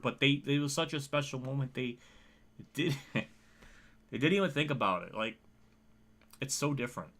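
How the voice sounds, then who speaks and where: A man's voice: medium pitch, lively intonation, moderate pace, long pauses, a bit bright. A man streaming a racing game, talking in a rambling, emotional way and swearing often. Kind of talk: emotional livestream commentary.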